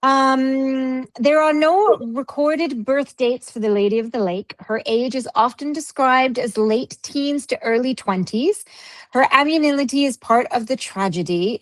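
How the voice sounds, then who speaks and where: A Canadian woman co-hosts a casual podcast and reads out a ghost story. Her voice sits somewhat high. She keeps breaking off her reading to scold her pets, and the recording is dry and close. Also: unhurried, no room sound, rough recording. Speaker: podcast co-host.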